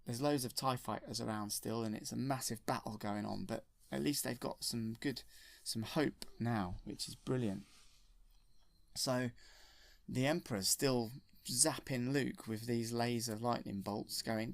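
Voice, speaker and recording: A man's voice: medium pitch, fairly even intonation, unhurried, gravelly, dry recording. Rambling man retelling a story. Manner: rambling and enthusiastic, with self-corrections. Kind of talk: retelling a film from memory.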